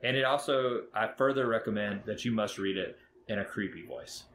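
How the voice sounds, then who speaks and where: A man with a lowish voice hosts a casual board game podcast. He talks with eager, rambling enthusiasm and plenty of fillers, and a faint noise sits under the recording. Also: normal speed, a bit bright. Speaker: podcast host.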